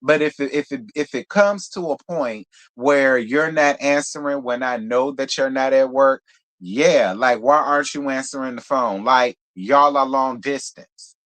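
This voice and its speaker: Speaking at a measured pace in a mid-range voice, this man runs a live reality TV review. He's blunt and sassy in a casual commentary style, tossing in lively asides full of profanity.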